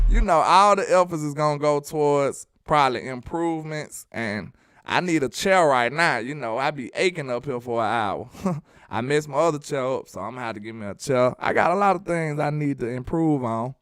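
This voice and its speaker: A man from Alabama, hosting a casual sports live stream, reading viewer messages and joking in a sing-song, animated way. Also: a little high, moderate pace, smooth, no room sound, clean studio sound, faint music behind.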